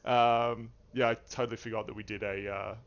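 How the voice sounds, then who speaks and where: A man's voice: fairly low pitch, level tone, fairly quick. A man hosting a livestreamed tabletop game as game master, playful and rambling as he welcomes players and chat. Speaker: game master and stream host. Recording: dull lo-fi stream audio.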